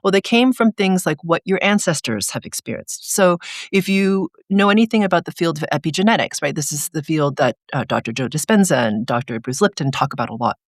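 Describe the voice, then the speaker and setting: An energy coach speaks as an interview guest, explaining and telling stories in a casual, lively way. The voice sits at a middle pitch and is often padded with "like". The sound is dry, with no room echo. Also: a little fast. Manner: animated storyteller, frequent "like" fillers.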